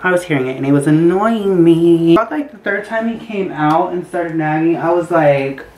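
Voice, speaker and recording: A young woman telling a story casually in her bedroom, animated and acting out the quotes. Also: lowish voice, normal speed, rough recording. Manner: animated, acts out quotes with voices. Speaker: storytime vlogger. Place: bedroom by a window.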